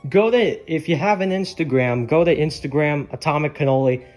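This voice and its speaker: A man's voice: fairly high pitch, moderate pace, darkish tone, soft background music. A young man talking casually and candidly to his viewers, rambling a little and swearing freely. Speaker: YouTuber. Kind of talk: casual chat.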